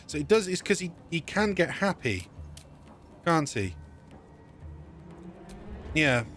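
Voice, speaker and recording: A man's voice: on the high side, very animated, slow, long pauses, a bit bright, soft background music. A man casually commentating his gameplay as a let's play streamer, thinking aloud and correcting himself as he goes.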